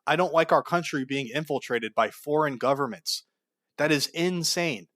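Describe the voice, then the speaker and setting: A man's voice: on the high side, normal speed, fairly bright tone, dry recording. A man giving heated, sarcastic political commentary, blunt and full of profanity. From United States.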